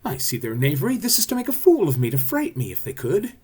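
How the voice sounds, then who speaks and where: A man's voice: a little high, wildly swooping pitch, fast, breathy edge, voice pushed up, full character voice. A man doing a blustering, scared weaver. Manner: blustering, loud and jumpy. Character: boastful, scared male weaver with a donkey head.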